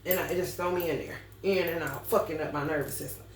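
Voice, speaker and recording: Woman cussing and ranting in an astrology vlog, lowish voice, far from the mic, echoey room. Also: steady tone, quick pace, a little hiss or hum. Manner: profane, blunt, ranting. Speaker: astrology reader. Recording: roomy sound, distant mic, faint ambience.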